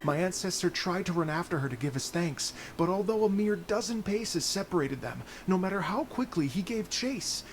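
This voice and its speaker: A courteous traveling musician, with a slightly high voice carrying a gravelly edge. He speaks softly and politely, unfolding long stories at an easy storyteller's pace. A faint hiss sits behind the game audio. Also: lively intonation, normal speed, hardly any pauses. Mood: storytelling. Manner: soft-spoken, storytelling.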